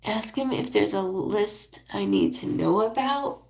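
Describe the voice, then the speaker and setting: A woman doing a live psychic reading who rambles, apologizes often and passes on messages in quick bursts. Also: mid-range voice, lively intonation, gravelly, a little mellow, reverberant, a little hiss or hum. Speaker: psychic medium.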